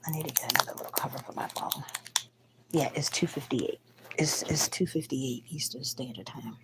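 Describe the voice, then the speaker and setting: Low-voiced woman venting bluntly while sick. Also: normal speed, noisy background. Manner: blunt, profane, rambling. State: sick with the flu. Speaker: live stream host. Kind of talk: casual live stream venting. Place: at home at night. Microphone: phone.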